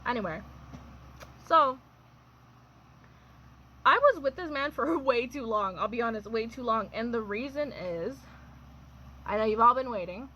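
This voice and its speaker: A woman's voice: a little high, expressive, moderate pace, long pauses, bright, forceful tone, husky, rough recording. A young adult woman telling a personal storytime in a chatty, wry way, full of fillers and laughs. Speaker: vlogger. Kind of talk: casual storytime.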